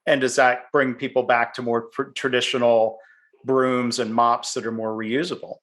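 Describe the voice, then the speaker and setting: A man's voice: medium pitch, level tone, moderate pace, fairly bright tone. A middle-aged man hosting a podcast interview, chatty and easygoing, often restarting his words and laughing lightly. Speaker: podcast host. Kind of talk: conversational interview.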